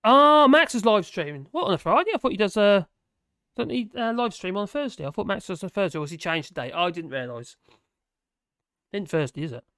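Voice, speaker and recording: Stream host, man, hoarse, self-mocking, hums between thoughts; dry home sound. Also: high-pitched, expressive, a little fast, a bit bright, dry recording. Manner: rambling, chatty, self-mocking, hums to himself. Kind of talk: casual live stream chat, reading out comments. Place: at home in France. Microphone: desk microphone.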